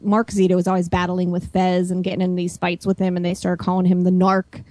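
Chatty woman calling in, mellow voice. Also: fairly low pitch, monotone, fairly quick, no echo. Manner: chatty, explains at length. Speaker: caller guest. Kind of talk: casual chat. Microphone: computer call mic. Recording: over a video call line.

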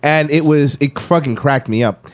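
A man's voice: on the high side, moderate pace, clean tone, no room sound. A man co-hosting a casual podcast, telling a story with lots of swearing and acting out the people he quotes. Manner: profane, animated storyteller, acts out quotes. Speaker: podcast co-host.

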